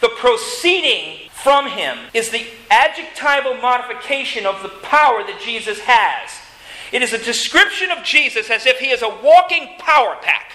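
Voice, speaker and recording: A male preacher delivering a sermon, animated and emphatic as he teaches. His voice sits high for a man and sounds very bright, even sharp. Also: rough recording.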